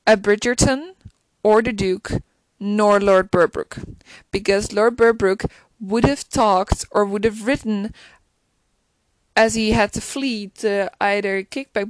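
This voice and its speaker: A woman's voice: mid-range voice, no room sound. A woman chatting casually and gushingly about a TV episode, full of restarts. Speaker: show reviewer.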